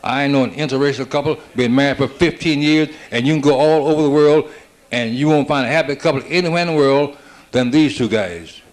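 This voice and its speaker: A man doing a stand-up comedy routine, rattling off one-liners built on quick "I said, she said" exchanges. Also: medium pitch. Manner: rapid-fire joke telling with "I said, she said" setups.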